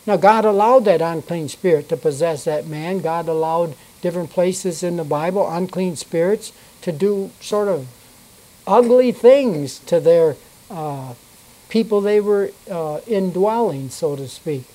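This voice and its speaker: A Bible teacher reading scripture aloud and then explaining it, unhurried, stopping to check notes and correct themself. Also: mid-range voice, mellow, poor audio.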